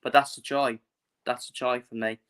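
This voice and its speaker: A man's voice: medium pitch, flat delivery, normal speed, fairly bright tone, smooth. A man from England ranting casually about football in a blunt, repetitive way, previewing matches for his channel.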